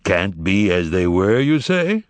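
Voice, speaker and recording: A man voicing a calm, commanding male devil figure who speaks in a low, unhurried, reassuring way. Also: no echo. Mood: wry.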